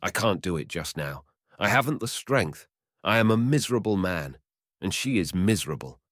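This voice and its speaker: A man's voice: low-pitched, very animated, normal speed, fairly bright tone, dry recording, clean studio sound, heavily acted. A man voicing a timid, tearful young barber. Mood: pleading.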